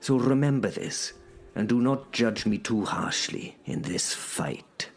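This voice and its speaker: A man's voice: medium pitch, expressive, slow pace, breathy edge, soft background music, exaggerated voice. A man voicing a proud, blunt, battle-hardened young medieval knight who narrates in formal, scornful old-fashioned speech. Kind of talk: audio drama first-person narration.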